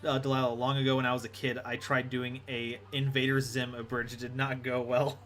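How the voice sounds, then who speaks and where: A man's voice: medium pitch, flat delivery, brisk, a bit bright, faint music behind. A man streaming a card game live, rambling and self-deprecating as he chats with his viewers. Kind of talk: live gameplay commentary.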